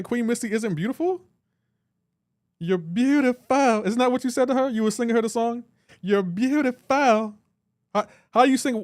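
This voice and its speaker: A man's voice: high voice, no echo. A man on a live reaction stream, teasing and bantering with his chat and laughing often. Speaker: livestreamer.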